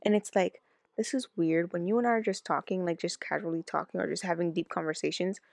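A woman co-hosting a casual chat who rants in quick bursts and talks over her partner. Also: lowish voice, steady tone, creaky, a little mellow, no echo, studio quality. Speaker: podcast co-host.

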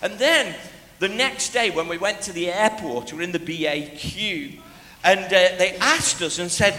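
Man, preacher, lively storytelling, brassy high voice, faint room hum. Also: moderate pace. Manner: lively storyteller, breaks into shouts when re-enacting. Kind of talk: sermon with personal storytelling. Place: church hall. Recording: echoey hall, faint ambience.

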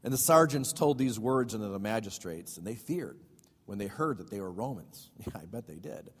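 A man's voice: lowish voice, expressive, normal speed, breathy edge. Man preaching in a reverberant hall. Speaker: pastor. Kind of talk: Bible study sermon.

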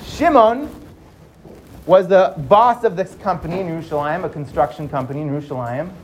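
Expressive storyteller with hushed suspense. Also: mid-range voice, a little fast, slight background noise. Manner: lively, drops to hushed for suspense. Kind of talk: dramatic storytelling.

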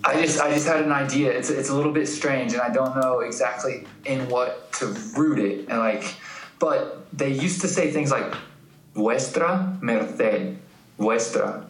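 A man co-hosting a casual chat about language, telling stories and thinking aloud in a relaxed way. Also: medium pitch, normal speed, reverberant, a little hiss or hum, poor audio. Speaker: podcast co-host.

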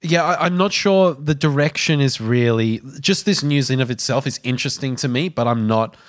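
A man's voice: mid-range voice, normal speed. A man co-hosting a studio film podcast, blunt and casual in his remarks. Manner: blunt, casual, drops a swear word. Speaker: podcast co-host. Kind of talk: casual film news chat.

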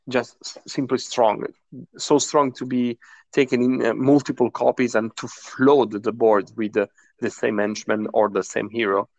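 Hesitant gravelly man chatting about a game. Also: medium pitch, a little mellow, dry recording. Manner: hesitant, many restarts and fillers, laughs often. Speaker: podcast co-host. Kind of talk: casual tabletop game discussion.

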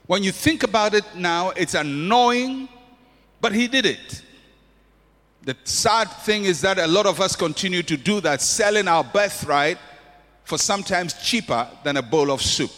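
A man's voice: sits high, expressive, unhurried, fairly bright tone. A man preaching a sermon with an impassioned, repetitive cadence in a church hall. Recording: long hall reverb.

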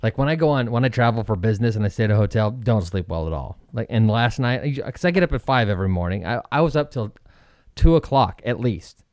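A man's voice: lowish voice, lively intonation, fast, darkish tone, no echo. Sleep-deprived male podcast co-host, rambling and self-mocking, dry mic. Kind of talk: casual chat.

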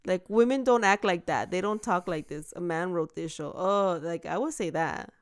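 A woman co-hosting a podcast in casual chat, teasing and laughing often with quick retorts. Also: lowish voice, smooth. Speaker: podcast co-host.

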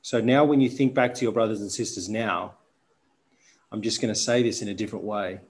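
A man hosting a podcast, talking deliberately and reflectively as a coach to his guest. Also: fairly low pitch, steady tone.

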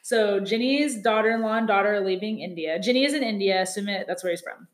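A chatty woman recaps reality TV in a loose, casual way, slipping into quick put-on voices for the people she talks about. Her voice sits at an ordinary middle pitch. The room around her sounds echoey. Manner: chatty, laughs often, quotes people in lively put-on voices. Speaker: podcast co-host.

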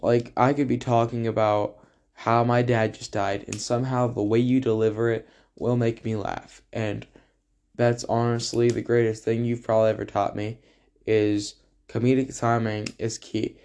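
In a rambling, joking tribute to a friend, a teenage boy speaks at a moderate pace with a medium-pitched, slightly mellow male voice that barely moves in pitch. His casual talk is packed with fillers and asides.

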